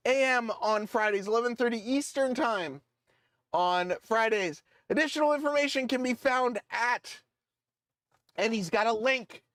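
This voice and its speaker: A man with a notably high voice talks loosely on a live stream, reading a letter aloud with frequent fillers and jokey, self-deprecating asides. The sound is dry and close, with no room around it. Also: a bit bright, no echo. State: voice cracking. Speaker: model railroad streamer.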